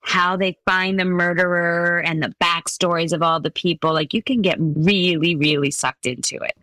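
Woman, middle-aged, comedian guest, chatty, slightly low voice, dry close sound. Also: steady tone, moderate pace, pushed and bright, dry recording. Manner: chatty, laughs often, acts out voices. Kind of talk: casual interview chat.

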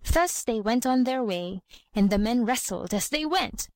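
A woman reading a folk tale aloud in an even, clear, unhurried way. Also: on the high side, no room sound. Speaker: reader. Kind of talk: storybook reading.

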